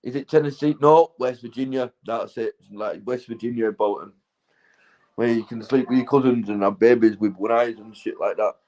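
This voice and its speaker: A livestream host from Keighley in Yorkshire, England, speaks in a mellow, mid-range voice at normal speed with a Yorkshire accent. He's stoned and tipsy, chatting casually with viewers while rambling, swearing and laughing, and the recording is low quality.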